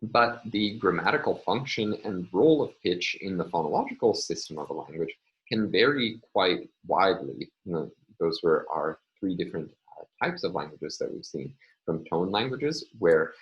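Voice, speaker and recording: A man with a very deep voice delivers a recorded university lecture. He explains each point step by step in a measured way, often pausing with fillers. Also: expressive, highs cut off.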